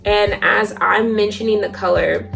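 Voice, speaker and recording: A woman's voice: medium pitch, steady tone, a little slow, gravelly, fairly bright tone, faint music behind. A woman vlogger telling a story in a casual, chatty way, full of fillers and freely swearing.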